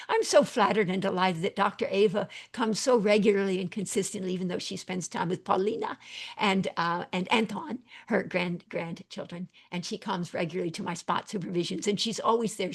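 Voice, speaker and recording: A woman psychiatrist teaching an online webinar, reading chat questions aloud and thanking attendees, rambling with many fillers and repeated phrases. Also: mid-range voice.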